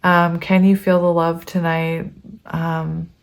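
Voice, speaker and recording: Female tarot reader, casual and chatty, slightly lower-pitched voice, emotional and searching, lots of filler. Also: flat delivery, slow, creaky. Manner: chatty and emotional, reading aloud with many ums.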